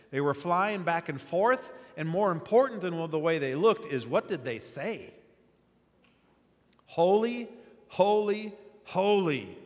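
A man preaching a sermon as pastor, with an animated delivery that rises sharply on repeated words. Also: mid-range voice. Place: church sanctuary. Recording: long hall reverb.

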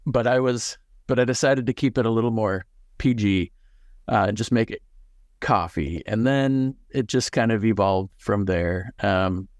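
A man's voice: fairly low pitch, no echo, studio quality. A man speaking in a thoughtful, reflective way as an author discussing his writing on a video call. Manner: thoughtful, many fillers and restarts. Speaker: author and guest. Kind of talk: reflective conversation and reading.

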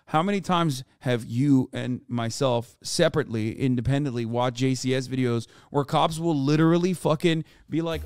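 A man's voice: mid-range voice, normal speed, hardly any pauses, darkish tone, clear, resonant tone, dry recording, studio quality. A man reacting to a video on a live stream, talking casually, bluntly and with profanity over what plays.

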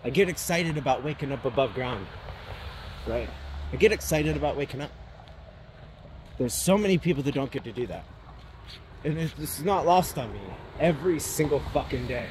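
A man's voice: medium pitch, lively intonation, normal speed, long pauses, background noise. A man giving a personal monologue, talking bluntly and swearing often, with sudden emphatic swells.

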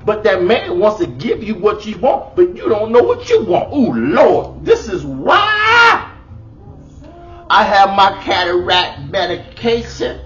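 A man's voice: high voice, very animated, a little slow, few pauses, dull audio. A middle-aged man, doing a comedic monologue of relationship advice, exclaiming and hamming it up in a bold persona.

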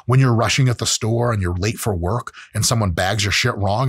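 A man's voice: fairly low pitch, brisk, slightly rough, no room sound, studio quality. A man in his late thirties hosting his own show, talking in a blunt, profane, casual solo monologue. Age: late 30s. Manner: blunt and profane, with acted-out quotes. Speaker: host.

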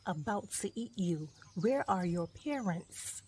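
A woman's voice: medium pitch, animated, takes it slowly, warm tone, slight background noise. A woman reading a children's storybook aloud and voicing a strong male wolf pack leader in a threatening, menacing manner. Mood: gruff.

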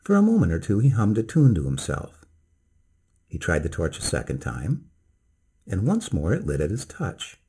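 A man narrating a bedtime story in the first person, slow, measured and dramatic. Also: low voice, huge pitch swings, mellow, husky.

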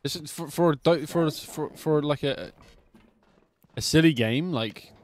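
A man's voice: on the high side, normal speed, faint music behind. A man streaming a game, chatting casually with friends and often restarting his sentences. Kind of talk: casual gaming chat. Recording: faint background noise.

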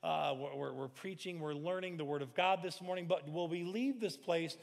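A pastor in his forties delivers a lively sermon with a slightly raised voice. He acts out little scenes and sometimes bursts into shouted lines. His voice rings with the long reverb of a large church hall. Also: on the high side, moderate pace, vocal fry. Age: 40s.

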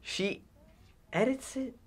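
A man's voice: very high-pitched, slow, breathy edge. A young man chatting casually in web reaction videos, giggly and easily flustered. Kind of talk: casual chat.

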